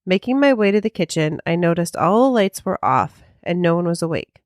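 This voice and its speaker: A woman's voice: on the low side, big pitch swings, a little fast, dry recording, studio quality. A woman co-hosting a podcast, chatting casually and reading listener mail, often hedging with "I mean" and "um". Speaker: podcast co-host.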